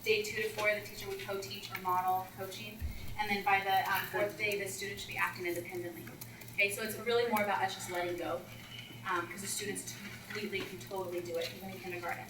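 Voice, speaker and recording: A woman's voice: medium pitch, fast, reverberant, distant mic, noisy background. A woman teacher coach telling classroom stories to an audience of teachers, acting out the children's voices. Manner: animated, acts out children's voices. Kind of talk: storytelling workshop talk.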